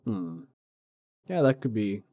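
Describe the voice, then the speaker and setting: A man's voice: fairly low pitch, very animated, slow, dark tone, no room sound. Enthusiastic man, dry close sound. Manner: agreeable, enthusiastic. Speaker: podcast co-host. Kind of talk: casual chat.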